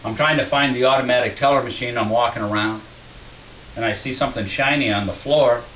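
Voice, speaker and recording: A man doing a stand-up routine in a comedy club, telling a story in an easy, conversational way that leads to punchlines. His voice sits at a middle pitch. The recording is dull and roomy, with a faint hiss underneath. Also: brisk, recorded from a distance.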